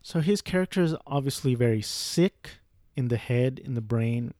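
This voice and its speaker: Young guy rambling about a movie, mellow dark voice, dry close sound, cusses a lot. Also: mid-range voice, animated, moderate pace, no echo. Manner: rambling, profane, frequent restarts and asides. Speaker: film reviewer. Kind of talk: casual spoken film review.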